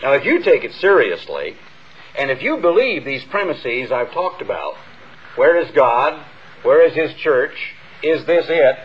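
Older minister preaching on lo-fi radio. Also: male voice, mid-range voice, big pitch swings, a little hiss or hum. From United States. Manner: earnest, measured, with emphatic rises and pauses. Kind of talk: sermon. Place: church hall before a congregation. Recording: dull lo-fi radio broadcast.

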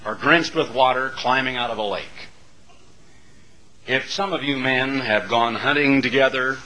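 A man's voice: mid-range voice, bright, forceful tone, low-quality recording. A middle-aged man preaching a sermon to a congregation, building dramatic, rhythmic lists of phrases. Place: church sanctuary before a congregation.

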